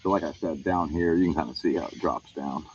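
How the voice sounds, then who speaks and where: Crickets sound in the background as this man, a paranormal livestreamer, strolls around a wooded camp after dark and rambles easily to viewers. His pitch is extremely low and he talks briskly, though the audio is dull and carries slight background noise.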